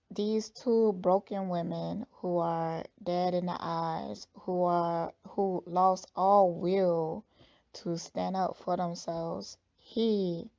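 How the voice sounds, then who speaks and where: A woman reader giving slow, thoughtful, blunt commentary on a clip in a casual way. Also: on the low side, vocal fry, mellow, dull audio. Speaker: spiritual reader reacting to a clip.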